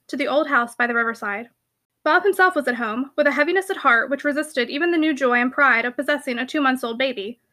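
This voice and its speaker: A woman narrating a classic novel as an audiobook, with a steady, expressive reading. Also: high-pitched. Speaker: audiobook reader.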